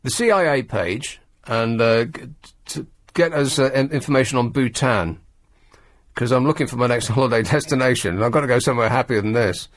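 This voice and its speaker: A man's voice: medium pitch, brisk, no echo. A man hosting a talk radio show, grumbling and mocking in a sardonic monologue from a studio mic. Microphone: studio microphone.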